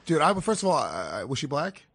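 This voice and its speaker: Husky man with a lively voice. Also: on the high side, fairly quick, no echo. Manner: blunt, exasperated, swears a lot. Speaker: podcast co-host. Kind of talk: casual chat.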